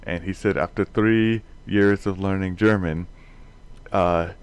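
A man's voice: deep voice, steady tone, slow pace, clear, resonant tone. Chuckling man telling rambling stories. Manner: rambling anecdotes, chuckling often. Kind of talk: casual chat.

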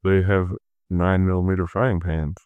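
A man's voice: low-pitched, flat delivery, moderate pace, clean tone, dry recording, narrow, tinny audio. A man in a casual chat, dropping wry one-liners. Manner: wry interjections.

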